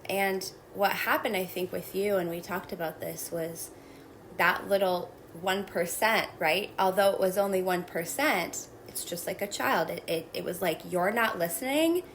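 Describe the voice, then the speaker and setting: Woman guest talking slowly through coping steps, calm and thoughtful, some faint hiss behind. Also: lowish voice, rough recording. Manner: calm, measured, reflective. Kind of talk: explaining a self-help technique.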